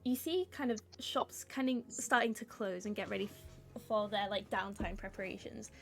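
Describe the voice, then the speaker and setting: A woman running a tabletop game as game master, narrating scenes in a relaxed, casual way. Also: medium pitch, normal speed, vocal fry, soft background music.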